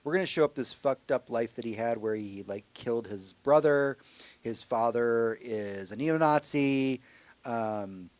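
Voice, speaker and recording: A man's voice: medium pitch, unhurried, darkish tone, dry recording. A man co-hosting a podcast, talking loosely and enthusiastically, with some swearing. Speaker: podcast co-host. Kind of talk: casual chat.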